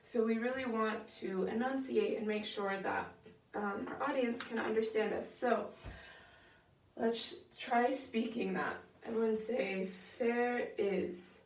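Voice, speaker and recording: A young choir director leads a women's choir rehearsal, patient and encouraging, using many fillers as she explains singing technique. Her voice is on the high side and a little slow, with a little hiss or hum. The rehearsal room is echoey, and she sounds far off.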